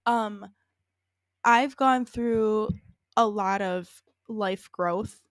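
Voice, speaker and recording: A woman's voice: medium pitch, very slow, no room sound. A woman in her late twenties, co-hosting a podcast in easygoing, rambling chat and laughing easily. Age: 20s. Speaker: podcast co-host. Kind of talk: casual chat.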